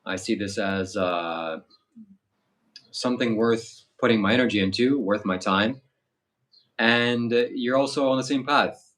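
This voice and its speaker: A man who hosts spiritual retreats, speaking calmly and earnestly with hesitant fillers. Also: on the low side, unhurried, pauses often. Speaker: spiritual streamer and retreat host. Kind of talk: casual chat.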